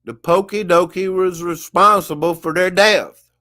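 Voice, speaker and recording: A man's voice: high-pitched, steady tone, measured pace, pushed and bright. A man giving a casual monologue rant to the camera, emphatic and repetitive, with a preachy tone. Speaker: vlogger.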